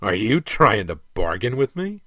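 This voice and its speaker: A man voicing a cruel, contemptuous overseer who speaks slowly and menacingly, in a dry recording. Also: fairly low pitch, very animated, bright, forceful tone, dry recording, heavily acted. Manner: cold and menacing. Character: cruel, contemptuous male slave-master soldier.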